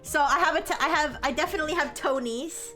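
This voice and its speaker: Bright, high-voiced giggly woman streamer. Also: fast talker, soft background music. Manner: giggly, rambling, many restarts. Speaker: livestreamer. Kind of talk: casual chat with stream chat.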